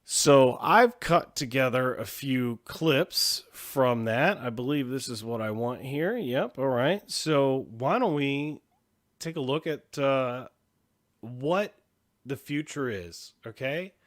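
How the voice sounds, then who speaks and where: Man, host, casual profane reaction commentary, medium pitch. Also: lively intonation, slow. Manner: casual, profane, laughing at clips.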